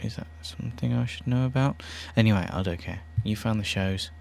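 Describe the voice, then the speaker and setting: A man's voice: fairly low pitch, brisk, vocal fry, darkish tone, a little hiss or hum. A British man hosting an internet radio show, chatting casually in a rambling, self-deprecating way.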